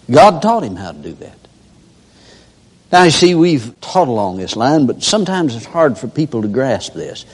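A man's voice: mid-range voice, darkish tone. An older man preaching a sermon in a folksy storytelling manner, acting out everyday characters. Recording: long hall reverb.

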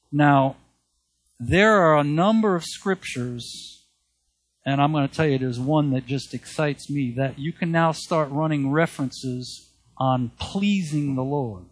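Slow, husky-voiced male preacher. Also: a little high. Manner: slow, earnest preaching with repeated emphasis and Bible readings. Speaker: pastor. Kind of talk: sermon.

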